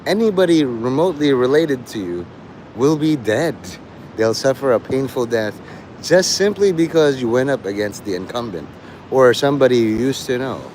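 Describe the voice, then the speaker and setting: A man's voice: medium pitch, animated, normal speed, darkish tone, a little hiss or hum, rough recording. Rambling, profane male livestreamer. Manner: rambling, profane, jumps between topics. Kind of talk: rambling live-stream monologue.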